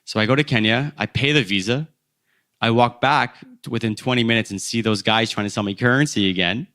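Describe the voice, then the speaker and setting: A man in his thirties from Philadelphia, a podcast guest telling travel stories with animated energy and acting out the people in them. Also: mid-range voice, fairly quick. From Philadelphia, USA. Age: 30s. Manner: animated storyteller who acts out the people in his tale, laughing at himself. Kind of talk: travel storytelling in an interview.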